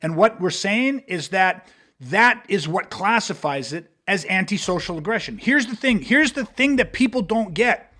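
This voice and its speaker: A man's voice: high-pitched, lively intonation, normal speed, pushed and bright. A man talking bluntly and emphatically in a podcast conversation, swearing freely as he walks through street-confrontation scenarios. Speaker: martial arts instructor.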